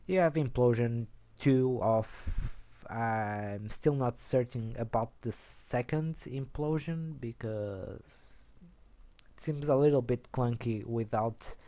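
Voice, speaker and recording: Slow and mellow, a young man explains his card game deck in a loose, low-key ramble, stopping to correct himself along the way.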